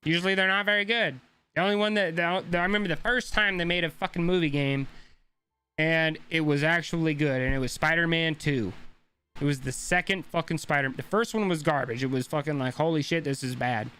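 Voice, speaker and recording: A man's voice: a little high, fairly quick, pushed and bright, smooth. A young man streaming a game, ranting casually and swearing a lot as he talks to his chat. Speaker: gaming streamer.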